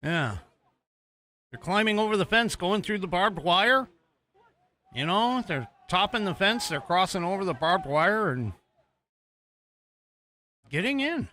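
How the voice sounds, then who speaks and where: A man's voice: high voice, sing-song, a little slow, pauses often, pushed and bright. An American man hosting a political podcast, rambling casually with many fillers and restarts while he talks over video footage he is playing. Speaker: podcast host.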